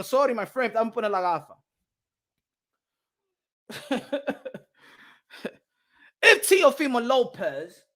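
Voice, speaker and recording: A man with a high voice is ranting as he hosts a boxing livestream. He is fiery and loud, and he keeps switching between Spanish and English, hammering the same phrases again and again. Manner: repeats himself for emphasis. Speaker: boxing channel host. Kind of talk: livestream rant commentary.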